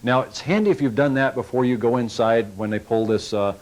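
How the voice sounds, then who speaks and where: A man's voice: mid-range voice, brisk, darkish tone, low-quality recording. A man giving a sales training talk to car salespeople, folksy and coaching, acting out little customer exchanges as he goes.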